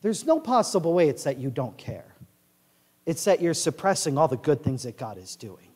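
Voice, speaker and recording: Male pastor, animated high-voiced sermon delivery, booming church-hall echo. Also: moderate pace, breathy edge. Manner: animated, swings from quiet asides to loud declarations. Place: large church sanctuary.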